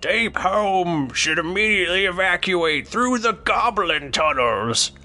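A man voicing grumbling elderly male dwarves on a war council, pitched high and drawn out slowly. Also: lively intonation, bright, forceful tone, soft background music, heavily acted. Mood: wary.

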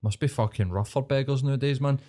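A man's voice: mid-range voice, fast talker, dark tone. A Scottish man co-hosting a podcast, rambling through stories with lots of swearing. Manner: rambling, swears a lot, laughs often. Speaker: podcast co-host. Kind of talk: crude casual banter.

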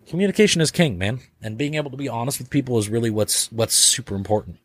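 A man's voice: mid-range voice, fast talker, no room sound. A man as a podcast guest talking casually and loosely, filling his sentences with "like", swearing offhandedly and acting out little dialogues. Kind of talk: casual conversation.

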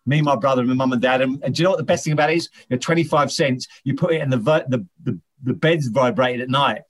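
A man's voice: medium pitch, quick pace. A man, a former footballer, chatting as an interview guest, often restarting and repeating words as he tells stories. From England, Northern Irish parents. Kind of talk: casual interview chat.

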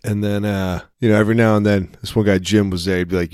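A man's voice: fairly low pitch, fast talker, no room sound, studio quality. A man chatting casually as a podcast co-host, telling rambling, jokey stories with lots of restarts. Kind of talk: casual chat.

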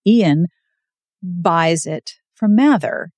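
A woman's voice: fairly low pitch, very slow, a little mellow, dry recording. A woman co-hosting a podcast, recapping a romance novel in casual chat and acting out the characters' lines in playful voices. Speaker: podcast co-host.

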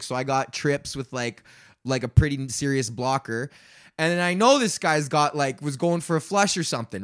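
Profane rambling man ranting. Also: fairly high pitch. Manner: profane, rambling, animated storytelling. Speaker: podcast host. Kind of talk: casual solo rant.

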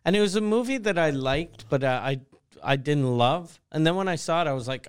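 Co-host, man, crude joker, a little high, crisp tone. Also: lively intonation, fairly quick. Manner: wisecracking, profane. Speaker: podcast co-host. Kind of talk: casual comedy chat.

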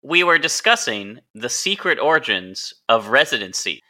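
A man's voice: medium pitch, big pitch swings, moderate pace, pushed and bright. A man hosting a medical podcast as a doctor, teasing his co-host in casual banter. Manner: teasing, playful ribbing.

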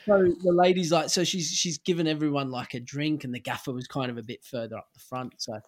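Australian man, middle-aged, slightly high voice, animated storyteller, casual podcast guest. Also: fast. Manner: animated anecdote-telling, acts out quoted lines. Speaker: guest, former footballer.

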